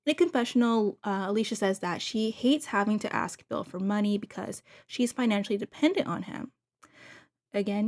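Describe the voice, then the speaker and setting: A woman's voice: fairly high pitch, a little mellow. Chatty woman recapping reality TV. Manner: chatty, gushing asides to viewers. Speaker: TV recap host. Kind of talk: casual gossip recap.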